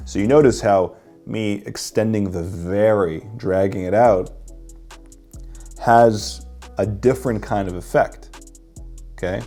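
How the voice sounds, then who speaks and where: A man's voice: on the low side, slow pace, pauses often, dark tone, soft background music. A man teaching a workshop as a dating coach, explaining and demonstrating how to deliver lines.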